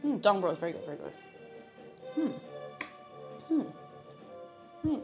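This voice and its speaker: A woman's voice: medium pitch, sing-song, measured pace. A young Irish woman streaming live as she cooks, chatting playfully with her chat and reading out messages. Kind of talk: casual live-stream chat while cooking. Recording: faint music in background.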